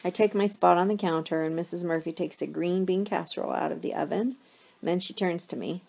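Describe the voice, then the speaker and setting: A woman's voice: fairly low pitch, fairly even intonation, brisk, gravelly, a little mellow. A woman teacher reading a novel aloud to her class, telling it expressively in the first person.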